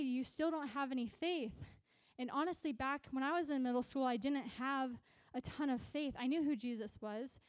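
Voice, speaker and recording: High-voiced young woman preaching to teens. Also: no room sound. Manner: chatty, animated storytelling with filler "like" and "right?". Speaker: youth pastor. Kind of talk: youth sermon.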